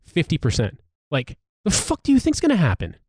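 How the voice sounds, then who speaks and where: A man's voice: on the high side, wildly swooping pitch, brisk, a little mellow, husky, no echo, clean studio sound. An American man hosting a podcast, talking in casual, profane, ranting commentary. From United States. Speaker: podcast host.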